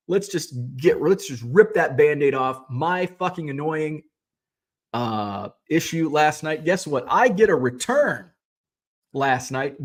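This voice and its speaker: A middle-aged man hosting a casual livestream, reading viewer comments and ranting in a sarcastic, profane way. He rambles, restarting his sentences often. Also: a little high. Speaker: host of a sports card selling livestream.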